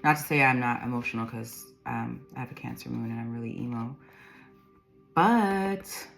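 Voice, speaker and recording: Very low-voiced woman reading tarot. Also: normal speed, creaky, faint music behind. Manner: rambling, laughs often, reads card meanings aloud. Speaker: tarot reader.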